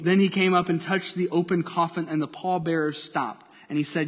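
A male pastor preaching a sermon to a church congregation, lively and playful as he draws listeners in. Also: fairly high pitch, fairly quick, few pauses, breathy edge. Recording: long hall reverb from a church.

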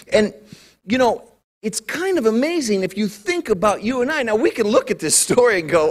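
A male pastor in his forties preaching a sermon in an animated, jokey storytelling manner. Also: fairly high pitch.

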